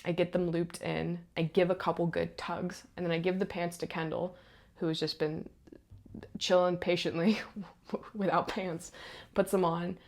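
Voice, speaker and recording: A young woman, a stage manager, telling a backstage story in a chatty, animated way with lots of asides. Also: fairly low pitch, unhurried. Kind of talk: casual storytelling to camera.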